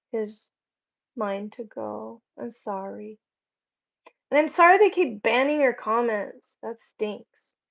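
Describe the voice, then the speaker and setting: Chatty woman livestream host, slow easygoing delivery, slightly dull lo-fi sound. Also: on the high side, gravelly. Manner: chatty, rambling, warm toward viewers. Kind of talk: casual livestream chat reading comments. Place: home.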